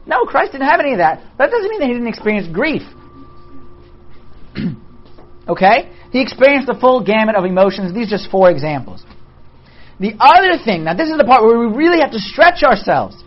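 A Bible study teacher leading a class in an animated way, asking and answering their own rhetorical questions and joking with the group. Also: mid-range voice. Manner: jokes with the group. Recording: dull lo-fi recording.

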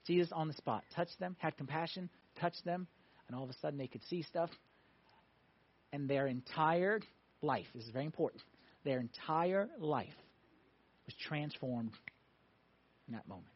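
A man preaching a sermon to a congregation, emphatic, swinging between loud pushes and hushed moments. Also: on the high side. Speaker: pastor. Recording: dull lo-fi sound.

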